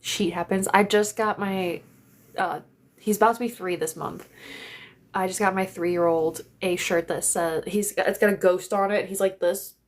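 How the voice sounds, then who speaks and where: A young woman hosts a casual livestream on her phone from bed at home, chatting and rambling while swearing freely. Her medium-pitched voice stays fairly even in intonation, and she talks at a moderate pace.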